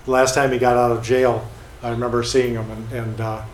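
A man's voice: mid-range voice, level tone, brisk. A man casually telling stories about people he has met, with many fillers and restarts. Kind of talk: casual storytelling. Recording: echoey room with faint noise.

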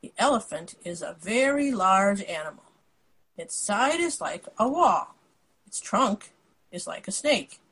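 A woman voicing a wise, gentle storybook prince in a calm, measured read-aloud. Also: medium pitch, husky, full character voice, poor audio.

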